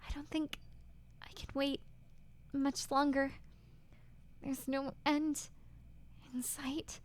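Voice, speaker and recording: A woman's voice: high voice, little pitch movement, takes it slowly, pitched above the performer's own voice. Woman voicing a trembling, pleading young woman. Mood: despairing. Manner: trembling, stammering, breaking into whispers. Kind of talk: reading game dialogue aloud.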